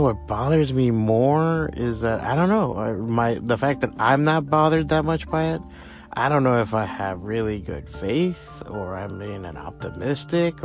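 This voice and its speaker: A man's voice: medium pitch, vocal fry. A man hosting a podcast on his own, talking in a rambling, profane, casual way with lots of fillers. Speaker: podcast host. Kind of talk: casual solo monologue.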